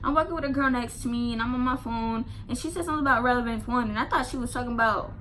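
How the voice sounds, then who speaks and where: A woman with a high, bright voice tells a casual storytime for her vlog. She talks emphatically, swears freely and leans on "like" as she piles on the details. Her delivery is animated and sharp. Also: very fast, a little hiss or hum. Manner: animated, emphatic and profane, lots of "like" fillers. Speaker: vlogger telling a story.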